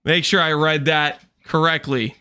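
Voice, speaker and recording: A man streaming a game, chatting with viewers in an animated, teasing way with quick asides. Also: fairly high pitch, clear, resonant tone. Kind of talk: livestream chat with viewers.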